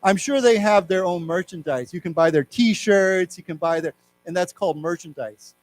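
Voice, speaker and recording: A middle-aged man with an American accent teaching an English lesson, explaining words and reading news aloud slowly. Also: sits high, low-quality recording. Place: library lecture room.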